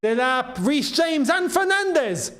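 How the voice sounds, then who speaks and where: A young man hosts a live football watchalong, shouting at big chances, groaning at misses, and chatting as he reads out and thanks viewers in the chat. His very high voice swings widely in pitch, and he takes it slowly.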